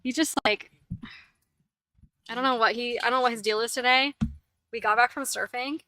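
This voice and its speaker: A woman chats on her livestream in a rambling, filler-heavy way. Her voice is bright and clear. It comes through a close mic in a dry space with no echo. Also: a little high, steady tone, moderate pace. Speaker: host. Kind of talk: casual livestream chat.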